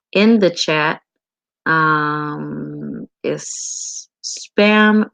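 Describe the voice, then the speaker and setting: Woman, livestream host, unhurried delivery, relaxed and chatty, lots of ums. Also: deep voice, gravelly, no room sound. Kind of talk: casual livestream chat, reading viewer comments.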